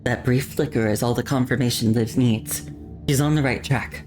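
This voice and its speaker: A woman streamer narrating a game story aloud with slow, deliberate pacing and wry asides. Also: very deep voice, fairly even intonation, a little mellow, faint music behind. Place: home streaming setup.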